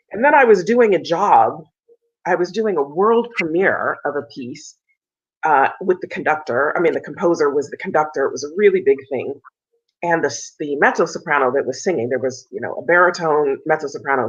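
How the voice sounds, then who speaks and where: Her voice is lowish and a bit rough. She's a soprano on a video call interview, telling a story with animation and voicing the quoted lines of its people in a raised tone, all captured in dull, lo-fi audio.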